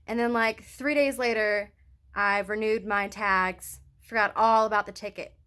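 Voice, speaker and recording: A woman's voice: medium pitch, unhurried. A young woman vlogging into a hand-held phone, telling a rambling story full of casual swearing. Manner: profane, rambling, animated storytelling.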